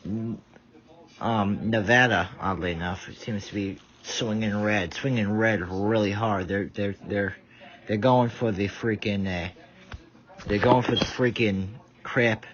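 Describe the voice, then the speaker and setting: A man's voice: on the low side, fairly even intonation, slow. A tired man giving rambling casual live commentary, stumbling over his words. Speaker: vlogger. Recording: dull lo-fi audio.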